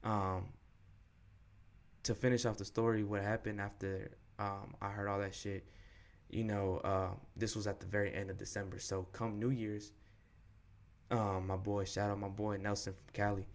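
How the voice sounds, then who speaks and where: A young man with a low voice tells a personal story on a podcast. His delivery stays flat and level as he talks in candid, slangy, cuss-heavy speech, acting out what each person said. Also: moderate pace. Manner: slangy, profane, frank retelling with quoted dialogue. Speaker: podcast co-host.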